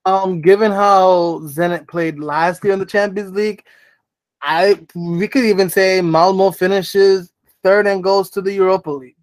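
A man hosting a sports podcast in casual chat, brisk and dryly teasing as he runs through lists. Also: high voice, steady tone. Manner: brisk, lists teams rapidly with dry teasing. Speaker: podcast host.

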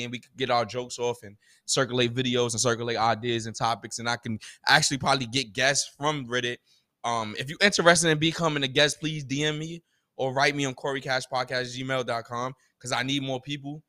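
A young podcast host delivers a solo comic rant, profane and exasperated, stuffed with rhetorical questions. His mid-range voice is steady, fairly quick, pushed and bright.

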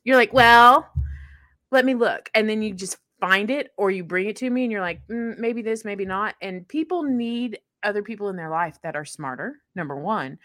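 Lively bright-voiced woman podcast host. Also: medium pitch, no echo, clean studio sound. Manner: animated storyteller, laughs often, acts out quotes loudly. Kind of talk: casual podcast chat.

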